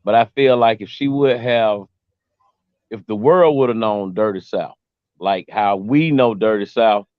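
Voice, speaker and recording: A man co-hosting a casual chat, talking in an earnest, measured way. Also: lowish voice, smooth, no echo. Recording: dry, dull lo-fi audio.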